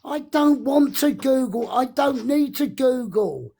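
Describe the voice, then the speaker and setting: A man's voice: extremely high pitch, lively intonation, measured pace, vocal fry, warm tone. An older man with a Cockney accent, arguing on a call and repeating himself as he stumbles over his words. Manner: repetitive, stumbling, combative. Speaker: caller.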